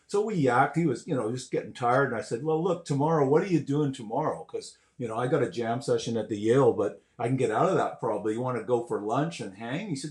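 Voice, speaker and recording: An older man, a guest musician, telling stories in a casual way, animated and swearing, acting out quotes and sounds. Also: medium pitch, fairly quick. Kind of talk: casual storytelling. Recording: roomy echo.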